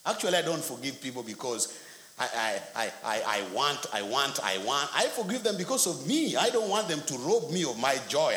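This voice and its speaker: Brief: male preacher, lively and forceful storytelling, roomy church sound. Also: medium pitch, moderate pace. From Kenya. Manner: animated storytelling, acts out quotes. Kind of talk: sermon. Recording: echoey hall, faint noise.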